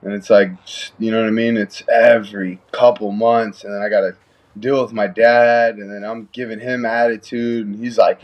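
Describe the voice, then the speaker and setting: A man's voice: mid-range voice, moderate pace, slight background noise. A young man guesting in a casual chat, laid-back and slangy, laughing easily. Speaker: guest fighter.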